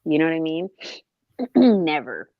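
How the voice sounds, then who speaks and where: A woman's voice: low-pitched, very animated, slow, no echo. A woman joining a casual live stream as a guest, speaking bluntly and emphatically and often agreeing with a short "right.". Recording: dry, dull lo-fi call audio.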